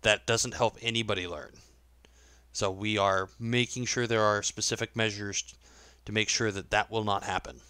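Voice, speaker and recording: A man's voice: lowish voice, fairly even intonation, normal speed, sharp tone, clean tone, no room sound. A man leading a gaming clan meeting in voice chat, patiently explaining the rules step by step. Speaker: clan leader running a meeting. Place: online voice chat.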